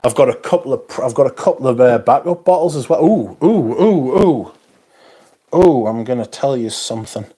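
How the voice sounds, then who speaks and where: A tired male streamer from North East England reads viewer comments in a casual livestream chat, rambling and mocking himself with frequent yawns and interjections. His mid-range voice is dark with a breathy edge, and he talks fast with hardly any pauses.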